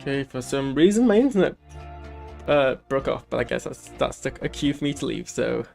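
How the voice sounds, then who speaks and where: A man's voice: medium pitch, expressive, a little fast, creaky, darkish tone, faint music behind. A man hosting a casual post-watch reaction, rambling loosely with lots of fillers and restarts while he is ill. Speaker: channel host reviewing a show.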